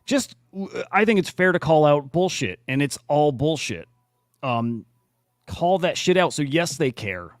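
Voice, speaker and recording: A man's voice: fairly high pitch, expressive, unhurried, dry recording, clean studio sound. Blunt, cursing podcast host guy. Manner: blunt and profane, lots of restarts. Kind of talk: casual chat.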